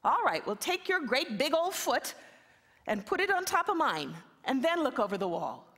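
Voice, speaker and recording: A woman voicing a tiny wee man who pleads and complains in a high, squeaky voice, in a sermon story. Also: sing-song, moderate pace, a bit bright. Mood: plaintive. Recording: reverberant hall.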